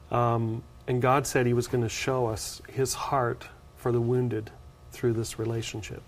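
A man's voice: medium pitch, gravelly, darkish tone, a little hiss or hum. A man, a pastor, telling his story as a talk show guest in an earnest way, often restarting his sentences. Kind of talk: interview testimony.

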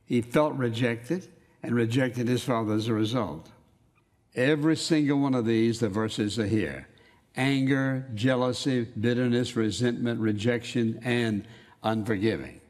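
A man preaching a sermon, reading scripture aloud and stressing key words with slow emphasis. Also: mid-range voice, darkish tone. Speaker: pastor. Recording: long hall reverb.

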